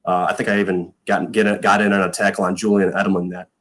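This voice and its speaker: Deep-voiced man telling stories. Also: little pitch movement, fast talker, a bit bright. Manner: rambling, frequent fillers, acts out quoted lines. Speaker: podcast guest, former punter. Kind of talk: casual storytelling chat.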